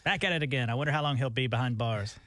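A man's voice: mid-range voice, very fast, a bit bright, no echo, clean studio sound. A man co-hosting a morning radio show, making short wry remarks. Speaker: radio co-host.

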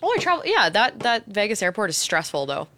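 A woman's voice: medium pitch, big pitch swings, fairly quick, bright, forceful tone, no room sound. A young woman from Canada, co-hosting a podcast and animatedly telling a story, swearing a lot. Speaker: radio podcast co-host. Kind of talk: casual chat, storytelling.

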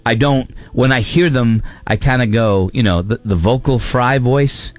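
A man's voice: mid-range voice, measured pace, soft background music. A man hosting a morning radio show, taking calls in chatty, teasing banter and laughing often.

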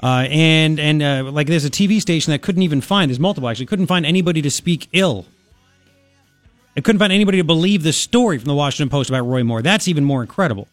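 Radio host, male, thirties, chatty and rambling, a touch high-pitched, dry studio sound. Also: expressive, fast talker, no echo, soft background music. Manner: rambling, chatty, lots of restarts and fillers. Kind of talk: casual talk radio monologue.

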